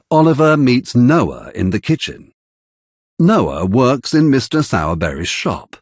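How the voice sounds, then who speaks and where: A man narrating a graded-reader storybook slowly and carefully, with an expressive, husky voice. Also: on the low side, no echo, clean studio sound. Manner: careful, deliberate, expressive delivery. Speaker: audiobook narrator.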